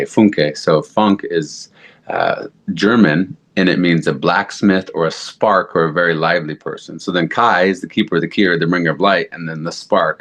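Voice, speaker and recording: A deep-voiced man appears as a podcast guest, telling a personal story. He's casual and animated, acting out quotes and using lots of fillers.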